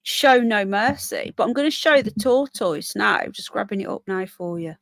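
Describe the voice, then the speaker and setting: A woman's voice: medium pitch, expressive, normal speed, creaky. A tired woman hosts a casual live stream, chatting with her viewers. Her voice sits in a middle range and sounds dry and close, with no room echo. She yawns often and drifts off her point to answer comments. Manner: chatty, talks to viewers and pets in between points. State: yawning, tired. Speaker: livestream host.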